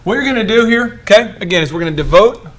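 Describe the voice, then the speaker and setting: A man coaching a room of business owners, animated and joking, often acting out the voices of people he describes. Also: high-pitched, fast. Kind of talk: coaching workshop talk.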